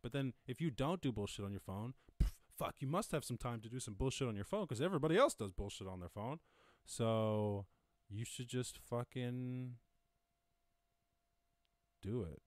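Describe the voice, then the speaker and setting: A man's voice: mid-range voice, expressive, normal speed, dry recording. A man with an Irish accent hosting a casual lockdown live stream from home, rambling and joking with plenty of swearing. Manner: profane, jokey, rambling. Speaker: podcast host.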